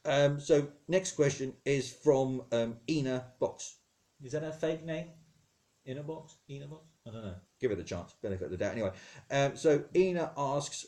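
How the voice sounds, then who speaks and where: A man's voice: medium pitch, animated, a little fast, warm tone. A man with a posh British accent hosting a comedy show as God, chatty and easily sidetracked, rambling and interrupting himself. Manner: rambling, digressive, self-interrupting. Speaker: comedy podcast host. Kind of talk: comedic character monologue answering listener questions.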